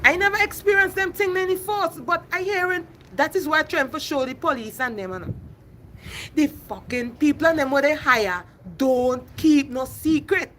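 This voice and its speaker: A middle-aged woman hosts a phone livestream, ranting with passion, repeating herself, and calling viewers by name. Her voice is high-pitched and fairly bright, at a moderate pace, with a little hiss or hum in the audio.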